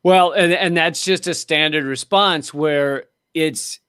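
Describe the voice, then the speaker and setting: Quick, anecdotal male comedian guest. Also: fairly high pitch, a bit bright, smooth, no echo, studio quality. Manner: rapid, storytelling, loose. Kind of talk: casual anecdotal chat.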